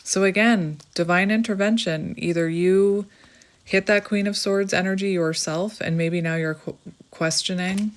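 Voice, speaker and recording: A woman's voice: medium pitch, steady tone, a little slow. A woman giving an earnest, emotional tarot reading to the viewer, reassuring them and reading passages aloud. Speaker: tarot reader.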